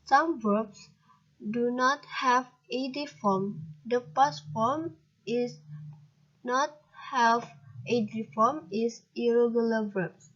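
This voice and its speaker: A young woman student with an Indonesian accent, reading a grammar lesson aloud in a halting way and spelling out letters. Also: a little high, lo-fi sound. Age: young adult. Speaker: student presenter.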